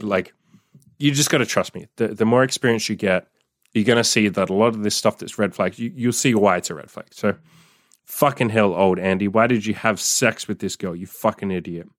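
A man's voice: medium pitch, a bit bright, no echo, studio quality. A young man hosting a podcast, reading his own old story aloud and reacting with crude, exasperated, swearing asides. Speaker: podcast host and dating coach.

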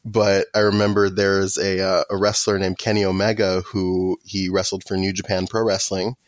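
A man's voice: low-pitched, little pitch movement, moderate pace, no room sound. A man co-hosting a podcast, asking curious, friendly questions in casual chat. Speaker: podcast co-host.

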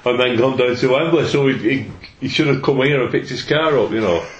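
A man's voice: mid-range voice, a little fast, highs cut off, slight background noise. A man, chatting as a podcast co-host and telling football anecdotes at length. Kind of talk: casual chat. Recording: roomy echo.

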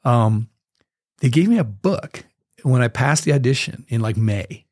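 Dry-voiced man telling a lively story. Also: medium pitch, a little slow, no echo. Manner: lively storyteller, scats out the rhythms. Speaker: guest musician. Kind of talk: storytelling interview.

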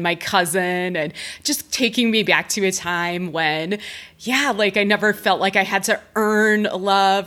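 A woman's voice: mid-range voice, pushed and bright. A young adult woman hosting a podcast, telling a personal story in a chatty way, laughing often and filling her talk with "like". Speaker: podcast host and breathwork facilitator. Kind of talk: casual storytelling monologue.

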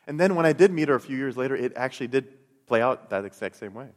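A middle-aged Christian speaker shares his personal faith testimony and teaching, earnest and storytelling, often repeating words. His mid-range voice has lively intonation and a quick pace. The recording carries a long hall reverb.

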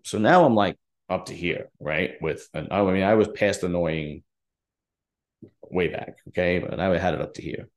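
A man with a low voice tells a long story on his own show. He speaks bluntly and sounds fed up, and he reenacts what he and others said. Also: moderate pace. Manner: direct, aggrieved, recounting dialogue. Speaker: podcast host. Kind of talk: casual storytelling monologue.

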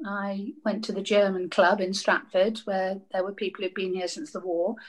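An older woman, a radio actress, telling lively anecdotes in casual chat and laughing often. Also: mid-range voice, moderate pace.

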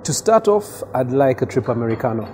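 A man's voice: medium pitch, big pitch swings, quick pace, noisy background. A man, a radio presenter chatting easily as a guest in a coffee shop. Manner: easygoing, jokey, reflective. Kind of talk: casual interview chat.

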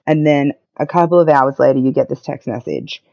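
A woman's voice: extremely low pitch, a little fast, vocal fry, dry recording. Candid woman, dull lo-fi sound. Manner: candid, matter-of-fact, wry. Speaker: podcast guest. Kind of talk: casual conversational storytelling.

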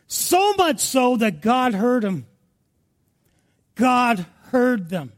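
Male pastor, very high voice, slow and fervent sermon delivery, from hushed to loud. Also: very animated. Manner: impassioned preaching that swings between hushed and loud.

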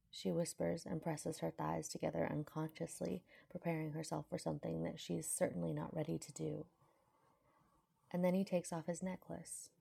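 A woman narrating a fanfiction aloud in a calm, measured storytelling manner. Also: low voice, gravelly, slightly rough. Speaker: fanfiction reader.

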